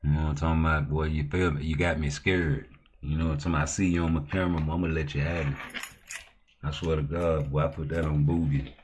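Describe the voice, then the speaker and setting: A man hosting a livestream, talking in loose, profane, slang-heavy banter that heats up into loud outbursts. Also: extremely low pitch, flat delivery, fast, a little hiss or hum. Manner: heated, rising to loud outbursts. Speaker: livestream host. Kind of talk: casual livestream talk.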